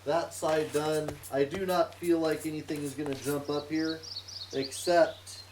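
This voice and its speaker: In a slightly high, darkish voice with fairly even intonation, a man speaks a little slowly while streaming a modded VR block game. He talks casually to himself about his plans and hums tunelessly as he works, in let's-play fashion, recorded on a roomy, distant mic with clear noise.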